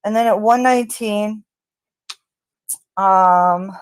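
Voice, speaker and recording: Woman reading out overheard lines slow, lots of um's, dry close sound. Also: mid-range voice, clear, resonant tone, no echo. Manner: recounts quoted lines flatly, with hesitant fillers. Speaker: recording analyst narrator. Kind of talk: reading out an audio transcript.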